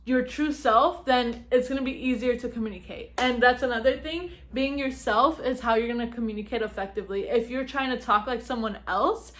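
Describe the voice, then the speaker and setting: A young woman vlogging at home, giving chatty advice to the camera, laughing often and talking fast. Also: fairly high pitch, a bit bright. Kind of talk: casual talk to camera.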